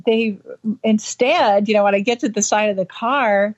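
A woman interviewed about a childhood memory, talking in halting bursts with many restarts and acting out the voices she quotes. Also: medium pitch. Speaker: interview guest. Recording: dull lo-fi audio.

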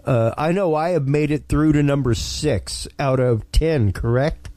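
A male podcast host talks at an unhurried pace, enthusiastic and casual, with lots of ums and repeated words. His voice is warm and mellow, and it sits dry and close to the mic. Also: fairly high pitch, no echo.

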